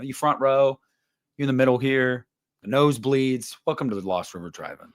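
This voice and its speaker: A man's voice: medium pitch, a little fast. Rambling, cussing livestream host, a man. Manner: profane, animated, rambling. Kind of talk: casual livestream chat.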